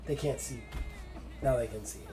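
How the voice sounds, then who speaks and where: A man narrating a solo wrestling tabletop game on stream with excited play-by-play and lots of fillers. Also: medium pitch, moderate pace, music in the background, crowd noise.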